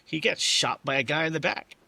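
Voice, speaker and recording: A man's voice: on the high side, lively intonation, brisk, gravelly, pushed and bright, breathy edge, dry recording. A man, a guest on a podcast, talking casually with many restarts. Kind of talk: casual chat.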